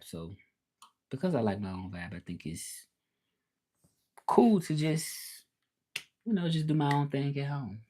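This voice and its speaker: A man with a Southern US drawl talks easily on a livestream, answering viewers at home. He is relaxed and chatty, and he says things twice and uses Southern slang. He is speaking as a language teacher who hosts his own channel. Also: fairly low pitch. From Memphis, Tennessee, United States. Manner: laid-back, chatty, repeats himself, Southern slang.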